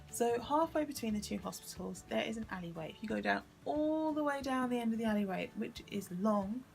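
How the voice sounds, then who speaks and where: Weary, gravelly woman vlogger. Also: fairly high pitch. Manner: weary, emotional recounting with sighs and self-correction. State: tired. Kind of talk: tearful personal storytelling vlog.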